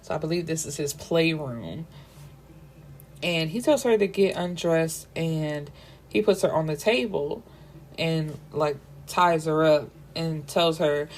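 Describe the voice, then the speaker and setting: A woman's voice: low voice, takes it slowly, darkish tone, slight background noise. A young woman hosting a book review, chatting casually with slangy, giggly asides.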